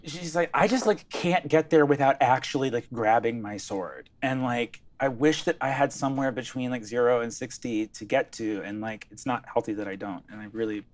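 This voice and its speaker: A man's voice: mid-range voice, normal speed, few pauses, pitched below the performer's own voice, natural voice. A game master voicing a shy, awkward half-goat teenage girl who rambles apologetically, full of fillers, in an improvised tabletop game. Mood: earnest. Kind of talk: improvised tabletop role-play.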